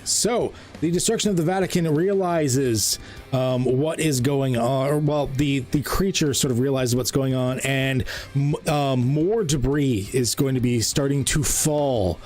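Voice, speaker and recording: A man acting as game master of a tabletop role-playing game. He rambles, often pausing with ums and correcting himself mid-sentence. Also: medium pitch, darkish tone. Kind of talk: running a tabletop game online.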